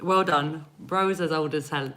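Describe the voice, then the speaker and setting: Speaking at a measured pace, this woman has a low-sitting voice with a fairly bright tone. She's an energy reader from England in her forties, giving live readings on a stream where she chats with viewers and laughs frequently.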